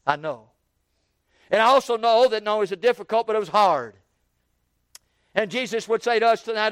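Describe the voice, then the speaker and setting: A male preacher with a high, clear, resonant voice. He drops to quiet, low phrases, then climbs to loud, ecstatic praise. The sound is dry and close, with no room echo. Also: lively intonation, fairly quick, pauses often. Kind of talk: sermon.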